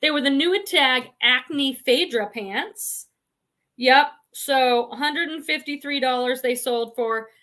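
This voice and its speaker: A woman's voice: high-pitched, takes it slowly, a bit bright. A woman with a Boston accent hosting a casual livestream, chatting and reading viewer comments aloud. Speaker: reseller livestream host.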